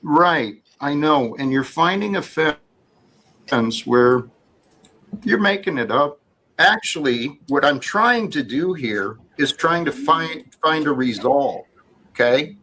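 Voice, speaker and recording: A man in a tense argument, firm and placating, lecturing the other side to calm down. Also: a little high, slow pace, rough recording. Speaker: guest in a heated debate. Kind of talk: argument, trying to calm things.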